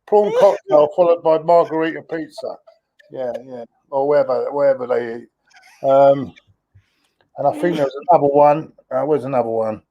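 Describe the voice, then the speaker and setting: A man's voice: medium pitch, normal speed. Joking man, dull lo-fi sound. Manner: chatty, joking, hesitant with fillers. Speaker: co-host of a football chat show. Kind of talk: casual football chat. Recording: dull lo-fi audio.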